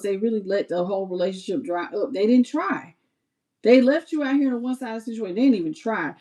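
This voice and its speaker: A woman giving a live tarot reading. Her voice sits at a middle pitch. She is chatty and expressive and talks straight to her viewers, calling them "baby" and "y'all". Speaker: tarot reader.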